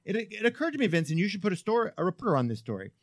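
A man hosting a casual talk radio show, an animated, swearing, rambling storyteller on a close studio mic. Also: high voice, rapid-fire, no echo.

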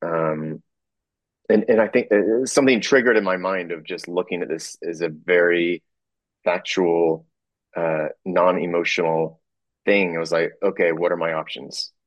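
A man telling a personal story in a halting way, full of fillers, restarts and small chuckles. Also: low-pitched, fairly even intonation, no echo, dull audio.

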